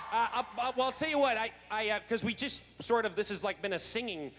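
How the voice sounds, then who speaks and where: Music plays behind a man with a high-pitched voice who speaks a little fast. He's a guest actor at a fan convention, sharing a comic backstage anecdote in a laughing, conversational way full of restarts. The large hall gives an echoey sound with faint noise.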